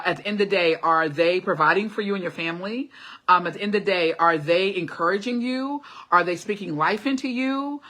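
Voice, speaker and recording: A woman's voice: on the low side, sharp tone. A middle-aged woman hosting a live motivational talk, encouraging viewers with repeated short urgings and frequent laughter. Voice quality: classically trained singer. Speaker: host of a live motivational stream. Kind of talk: casual motivational talk reading live comments.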